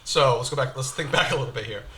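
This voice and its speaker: A bright, clear-toned man hosts a casual interview while eating hot wings, chatting easily and breaking into laughter. He often stumbles and starts his questions over. A faint hum of room noise sits behind him. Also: medium pitch, fast talker. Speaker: host, real estate agent.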